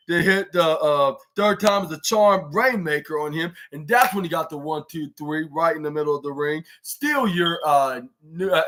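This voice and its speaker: A man with a slightly higher voice talks through wrestling action in a loose, rambling way. He stumbles and restarts often, filling gaps as he goes. It sounds like a casual podcast recap. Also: fairly bright tone. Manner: rambling, halting, many restarts and fillers; acts out wrestlers' lines in raised voice. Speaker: podcast host reviewing wrestling.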